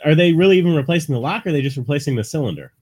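A man co-hosting a podcast, talking casually in an animated, storytelling way. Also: a little high, very fast, crowd noise.

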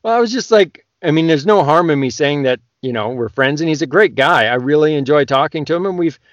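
A man's voice: a little high, animated, a little fast, dry recording, highs cut off. Chatty Canadian-raised man, dry sound. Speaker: podcast guest, audiobook narrator. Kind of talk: casual podcast chat.

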